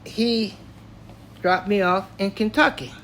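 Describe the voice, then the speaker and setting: Slow-spoken older man telling his story. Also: sits high, steady tone, fairly bright tone, slight background noise. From Tennessee, US South. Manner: slow, plainspoken, matter-of-fact telling. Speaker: storyteller recounting his life.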